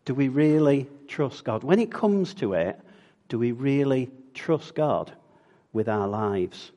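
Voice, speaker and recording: A man's voice: mid-range voice, big pitch swings, slow pace, dark tone. A man preaching a sermon in a conversational way, often putting questions to the congregation.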